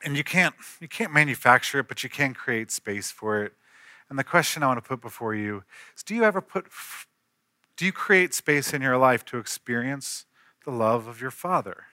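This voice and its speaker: A man's voice: mid-range voice, lively intonation, normal speed, pushed and bright, no echo, studio quality. A man in his thirties, a pastor, preaching an earnest storytelling sermon that rises to emphatic peaks.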